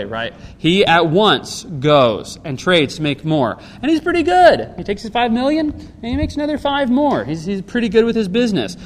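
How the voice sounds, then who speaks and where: A man preaching in a conversational way and asking his listeners rhetorical questions as he explains a Bible passage. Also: on the high side. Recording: long hall reverb with faint background noise.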